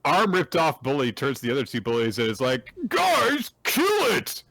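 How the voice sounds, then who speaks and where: A man's voice: medium pitch, expressive, fast talker, a bit bright, no echo. A man hosting a podcast, casually and animatedly retelling manga chapters and laughing along. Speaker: podcast host.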